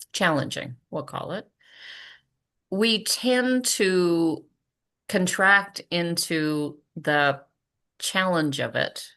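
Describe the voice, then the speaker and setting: A woman hosting a conversational podcast, animated and quick with asides, laughing often. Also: low-pitched. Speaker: podcast host. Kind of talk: conversational interview.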